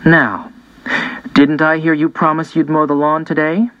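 A man voicing a gentle, caring middle-aged mother who speaks softly and calmly. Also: fairly high pitch, a little slow, lightly acted. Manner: soft-spoken and calm. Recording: dull, dry lo-fi recording.

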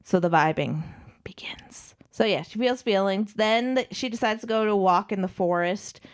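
A woman's voice: medium pitch, a little fast. A woman co-hosting a podcast, recapping a novel in casual, irreverent chat and swearing freely. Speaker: podcast co-host.

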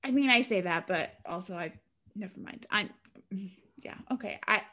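A woman co-hosting a casual podcast, recapping a movie plot in a chatty, animated way with sarcastic asides. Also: mid-range voice, moderate pace. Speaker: podcast co-host recapping a film. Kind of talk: casual chat.

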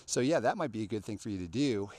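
Podcast host, male, slightly low voice, loose and rambling delivery. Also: lively intonation, quick pace, a little mellow, no room sound. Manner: rambling, lots of fillers and restarts. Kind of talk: casual interview chat.

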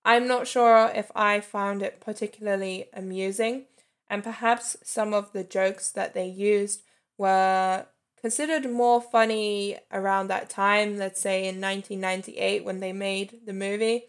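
A woman's voice: mid-range voice, steady tone, measured pace. A woman in her thirties giving a chatty, candid spoken movie review and laughing lightly between points. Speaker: film reviewer.

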